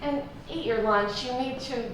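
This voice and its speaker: A woman's voice: high-pitched, moderate pace, natural voice. A woman playing a motherly woman who teases and bosses a young student. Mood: teasing. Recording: echoey room, noisy.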